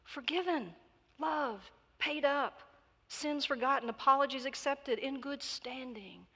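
A woman's voice: high voice, measured pace, fairly bright tone, voice pushed up. A woman voicing an anxious nun in a read parable, raised and begging, in a reverberant hall. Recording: long reverb of a large hall.

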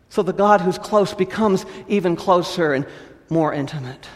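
Man preaching, high voice, big dramatic swings loud to hushed, long hall echo. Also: normal speed. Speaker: pastor. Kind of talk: sermon.

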